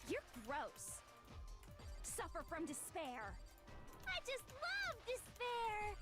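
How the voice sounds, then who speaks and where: A woman's voice: very high-pitched, huge pitch swings, very slow, full character voice. An actress voicing a bratty teenage villain girl in a video game, with a sing-song, taunting, childish delivery. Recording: game audio with music behind.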